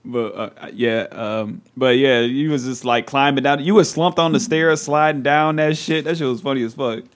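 A young man chats casually on a podcast, telling loose, profane stories. His voice sits at an ordinary middle pitch for a man, and he keeps breaking into laughs. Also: moderate pace. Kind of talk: casual chat.

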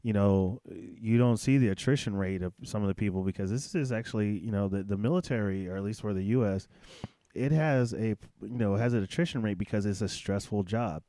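A man's voice: fairly low pitch, fairly quick, warm tone, dry recording. A man who is a former Army drill instructor, telling stories bluntly and profanely in a casual interview.

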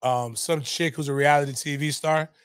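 A middle-aged man, telling a story in animated, profane casual talk on a podcast. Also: on the high side, normal speed, smooth, no room sound, studio quality.

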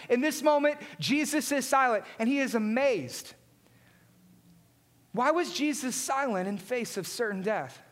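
High-voiced preacher with repeated refrains. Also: male voice, fairly bright tone. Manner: emphatic, repeating refrains, dropping low for key lines. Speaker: pastor. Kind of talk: sermon.

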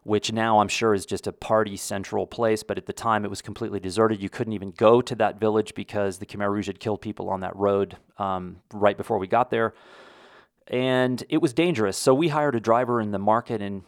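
A man's voice: fairly low pitch, steady tone, fairly quick, no room sound, studio quality. A middle-aged American man hosting a podcast, talking casually and rambling a little, with restarts. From United States. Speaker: podcast host. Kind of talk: casual monologue.

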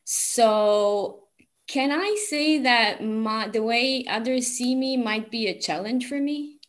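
Slow-talking woman asking a question. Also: a little high. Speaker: audience member asking a question.

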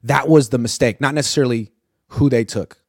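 A man's voice: medium pitch, creaky, darkish tone, no room sound, studio quality. A man hosting a sports talk show, arguing his points emphatically in casual chat. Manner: emphatic, rapid interjections of agreement. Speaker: podcast host.

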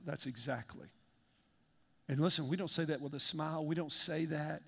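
A man's voice: a little high, brisk, fairly bright tone. A man preaching a fervent, conversational sermon and repeating phrases as a pastor. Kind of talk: sermon with altar call. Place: large church auditorium. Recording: long reverb of a big hall.

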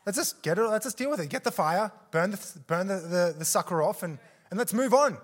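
Animated high-voiced man preaching a sermon. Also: brisk. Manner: animated, acts out quotes with gasps and laughs. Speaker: guest preacher. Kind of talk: sermon storytelling. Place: church service.

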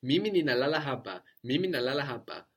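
A man's voice: mid-range voice, lively intonation, quick pace, breathy edge. A man teaching a language lesson, patiently prompting his student and repeating her answers.

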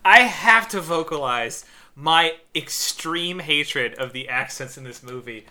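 Podcast co-host, male, higher than most men, very bright tone, animated rant delivery in casual chat. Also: a little slow. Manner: animated, ranting, laughs between words.

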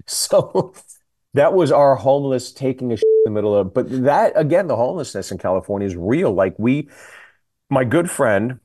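A middle-aged man telling funny stories in casual radio chat, lively and laughing as he acts out what others said. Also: mid-range voice, moderate pace. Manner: animated, comic storytelling with laughs and quoted voices.

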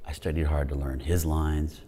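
A male actor telling a story in a casual chat, with halting, stammering restarts. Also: a bass voice, level tone, mellow. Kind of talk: casual anecdote.

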